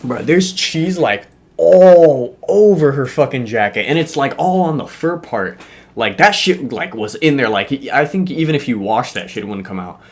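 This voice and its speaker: A young man telling a school story in a casual, animated way, full of slang, swearing and fillers. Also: medium pitch, normal speed.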